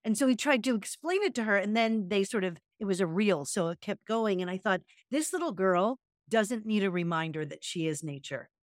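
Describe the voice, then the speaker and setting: A woman's voice: medium pitch, no echo, studio quality. A woman co-hosting a podcast, chatting casually and telling stories expressively. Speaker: podcast co-host, yoga and meditation teacher.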